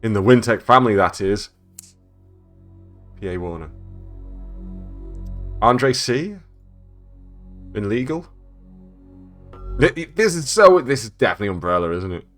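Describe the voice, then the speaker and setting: A man's voice: lowish voice, expressive, a little slow, long pauses, a bit bright, soft background music. A man playing a game and reading its emails aloud, stumbling over words and adding sarcastic jokes. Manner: joking, reads text aloud with stumbles and sarcastic asides. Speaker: gaming YouTuber.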